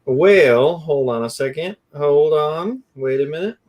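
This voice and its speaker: A man hosting a live barbecue stream, chatting in an excitable, rambling way and saying "dude" a lot. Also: a little high, a little slow, dull audio. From California. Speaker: host of a live barbecue show. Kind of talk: casual live-stream chat.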